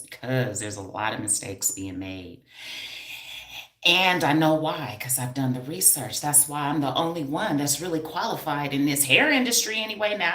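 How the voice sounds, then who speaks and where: A woman streams live from her home, teasing and calling out to viewers in a loud, playful way. Her voice is low for a woman but bright and forceful, and the room around her rings with echo. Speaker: hair stylist and educator. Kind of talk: casual live stream talk.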